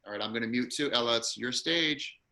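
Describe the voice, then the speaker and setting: Male acting-class host on a video call, very bright voice, encouraging, upbeat. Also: medium pitch, a little fast, a little hiss or hum.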